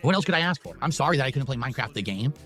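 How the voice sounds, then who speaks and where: A man's voice: mid-range voice, lively intonation, racing, a bit bright, faint music behind. A man streaming on his birthday, talking in an earnest, sentimental and repetitive way about his wife and his happiness. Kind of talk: emotional on-stream monologue.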